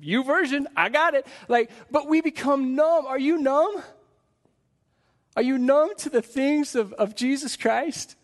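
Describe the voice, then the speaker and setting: High-pitched guy preaching in church, earnest, lots of rhetorical questions to the crowd. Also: fairly even intonation, slow, darkish tone. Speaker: pastor. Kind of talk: live sermon. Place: church in front of a congregation.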